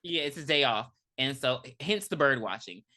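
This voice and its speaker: A woman's voice: extremely low pitch, lively intonation, moderate pace, sharp tone. A woman co-hosting a podcast, casually retelling a movie with lots of fillers and laughter. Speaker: podcast co-host. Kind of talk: casual movie review chat.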